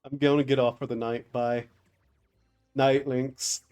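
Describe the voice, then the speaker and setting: Male streamer, casual self-mocking chat, slow pace, mellow dark tone. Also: medium pitch, level tone, clean tone, soft background music. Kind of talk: casual livestream commentary.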